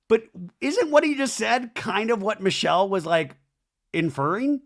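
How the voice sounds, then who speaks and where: Man, podcast host, gossipy recap, fairly high voice, very lively pitch. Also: moderate pace. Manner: animated, gossipy, chatty. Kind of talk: casual reality-TV recap commentary.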